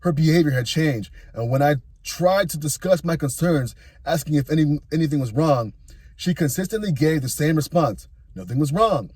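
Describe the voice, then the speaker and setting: A man's voice: on the high side, lively intonation, moderate pace, darkish tone, husky, no room sound. A man in his thirties narrating a personal story, reading a written account with dry asides.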